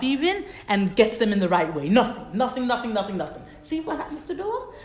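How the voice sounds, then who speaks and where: A woman's voice: a little high, very animated, quick pace. A woman teaching a Bible class who reads Hebrew verses, translates them, and repeats words for stress. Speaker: Torah teacher. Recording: roomy echo.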